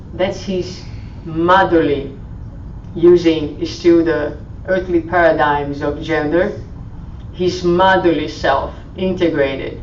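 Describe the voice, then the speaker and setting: Lady preaching softly, kinda low voice, far from the mic in an echoey room. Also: steady tone, takes it slowly, a little hiss or hum. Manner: gentle, soothing, softens to a hush when quoting. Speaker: speaker at a spiritual meeting. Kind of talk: sermon-style talk. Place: meeting hall. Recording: roomy, distant, dull live stream audio.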